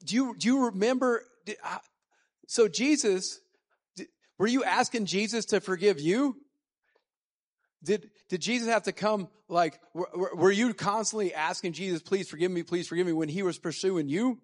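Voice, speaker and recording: A man's voice: high-pitched, normal speed. A man teaching from scripture in a casual sermon, reading verses and explaining them conversationally. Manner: conversational, with fillers and restarts. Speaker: Bible teacher.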